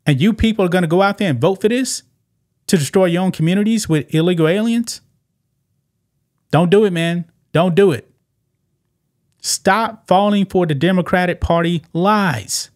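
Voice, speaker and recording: A man's voice: high-pitched, normal speed, pauses often. A man hosting political commentary over clips, emphatic and repetitive, who keeps tossing in "man". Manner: emphatic, repeats points and keeps saying "man". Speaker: commentary channel host.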